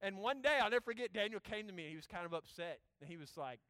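A male pastor preaching a sermon, swinging between loud emphatic urging and quiet asides. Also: sits high, quick pace, hardly any pauses, dry recording.

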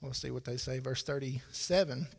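Male pastor, 30s, gravelly, folksy sermon delivery, church hall reverb. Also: medium pitch, normal speed. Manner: folksy, conversational preaching with dry asides. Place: church sanctuary.

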